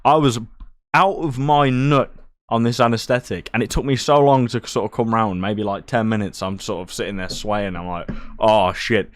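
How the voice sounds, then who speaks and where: A man spins a personal tale in loose, crude, joke-laden chatter. His voice sits at an ordinary middle pitch, and the sound is close and dry with no room echo. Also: steady tone, moderate pace. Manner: crude, profane and jokey. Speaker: streamer. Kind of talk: casual storytelling.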